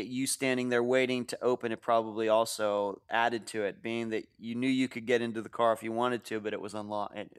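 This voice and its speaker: A man interviewing a guest, asking gentle probing questions and stumbling over his phrasing. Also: mid-range voice, clean tone.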